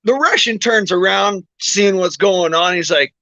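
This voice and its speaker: A man on a casual voice chat, telling long crude jokes with drawn-out buildup and loud laughs. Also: sits high, no room sound, highs cut off. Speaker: panel participant.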